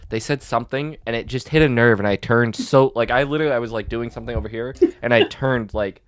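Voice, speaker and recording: A man co-hosting a podcast in casual chat, playful and goofy, often trailing off softly. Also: mid-range voice, fast, clear, resonant tone. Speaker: podcast co-host; teacher.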